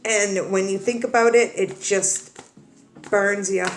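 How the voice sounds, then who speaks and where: A woman's voice: medium pitch, steady tone, slow pace, roomy sound, faint music behind. A woman tarot reader talking earnestly to her viewers, crying as she comforts them, with many repeats and restarts. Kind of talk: emotional direct-to-camera talk.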